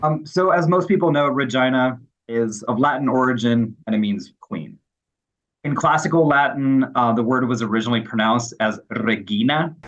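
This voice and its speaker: A man's voice: mid-range voice, moderate pace. Guy explaining stuff in an interview, laid back, says um a lot, kinda muffled audio. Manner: relaxed, uses fillers like um. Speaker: interviewed expert. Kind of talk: interview answers.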